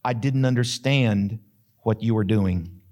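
A man's voice: fairly low pitch, measured pace, a little mellow, pitched below the performer's own voice, natural voice. A man voicing a grieving woman who pleads earnestly and humbly. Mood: pleading.

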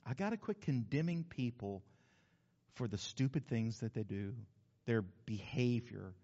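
A man preaching a sermon as pastor, lively and conversational with asides to the congregation. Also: mid-range voice, a little slow. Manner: animated preaching with asides and acted-out quotes. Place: church sanctuary. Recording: dull sound with long hall reverb.

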